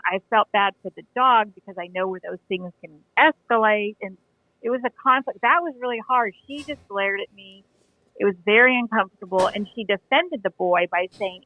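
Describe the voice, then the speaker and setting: This forty-something animal communicator has a mid-range, creaky voice, recorded without echo over a tinny, dry phone line. In a relaxed interview chat she tells stories, restarting often as she goes.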